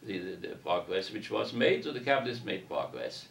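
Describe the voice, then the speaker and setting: A man's voice: low voice, very animated, brisk, vocal fry, fairly bright tone. A man giving a university lecture in a parish hall, reading passages aloud and then discussing them at length. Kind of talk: academic lecture to an audience. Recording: roomy echo from a distance.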